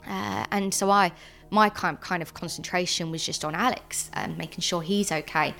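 A young woman giving an earnest personal account in an interview, halting often with ums and restarts. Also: on the low side, fairly even intonation, gravelly, a bit bright, faint music behind. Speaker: interviewee, sister of a convicted man.

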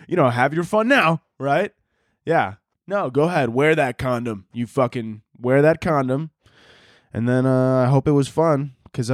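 A man's voice: mid-range voice, no echo, studio quality. A young man hosting a comedy podcast, telling a rambling, profane, sarcastic monologue and laughing often. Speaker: podcast host.

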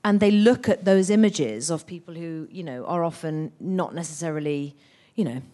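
A woman actress chatting as a guest in an interview, telling stories in an animated, expressive way. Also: sits low, moderate pace. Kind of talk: anecdotal interview chat.

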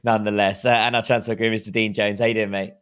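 Thirty-something guy hosting a football pod, lowish voice, chill and jokey. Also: rapid-fire, clear, resonant tone. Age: 30s. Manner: relaxed, jokey, reads out listener comments. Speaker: podcast host. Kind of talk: casual football podcast chat.

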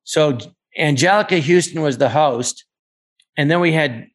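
A man's voice: a little high, unhurried. A male guest telling rambling anecdotes in casual chat.

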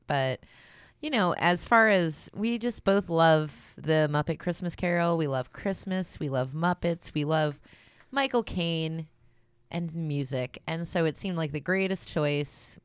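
A woman's voice: low-pitched, clean tone, dry recording, studio quality. A young adult woman co-hosting a comedy podcast, playful and laughing with absurd asides. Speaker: podcast co-host. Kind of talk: casual comedy chat.

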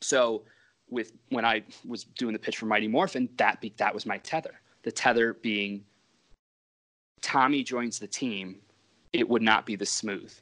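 A man's voice: on the low side, steady tone, a little slow, fairly bright tone. A comic book writer, a man, telling stories in a casual interview and rambling and interrupting himself as he talks.

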